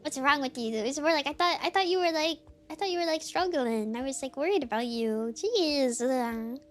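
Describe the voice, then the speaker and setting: A woman streamer chatting casually with her chat while gaming, animated and giggly. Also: high-pitched, normal speed.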